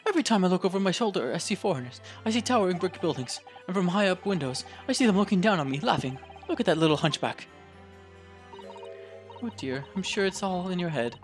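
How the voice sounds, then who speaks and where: A woman voicing an excitable young Japanese man who gushes in theatrical, alliterative outbursts. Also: medium pitch, voice pushed up, lightly acted.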